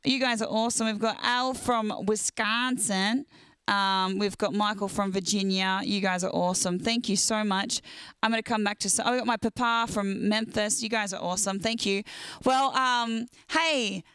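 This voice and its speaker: Young woman host, chatty livestream greeter, smooth and crisp voice, dry close sound. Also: medium pitch, fairly even intonation, moderate pace, fairly bright tone, no echo. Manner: chatty, greets viewers by name. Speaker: singer hosting a livestream. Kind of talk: casual livestream chat.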